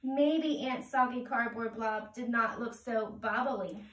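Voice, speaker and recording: A woman reading a picture book aloud to children in a gentle, sing-song way. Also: a little high, takes it slowly. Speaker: children's storyteller. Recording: roomy, heard from a distance.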